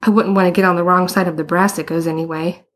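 A woman's voice: fairly low pitch, steady tone, quick pace, lightly acted. Breezy, friendly teen boy teammate, read by a woman in a storybook. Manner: light, breezy.

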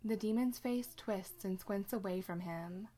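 A woman reading a story aloud in steady narration. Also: medium pitch, unhurried. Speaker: reader.

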